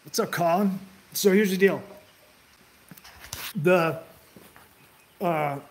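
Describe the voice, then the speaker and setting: Male, casual history talker; rambling, profane, filler-heavy, voice a touch high. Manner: loose and profane, heavy filler words, frequent restarts.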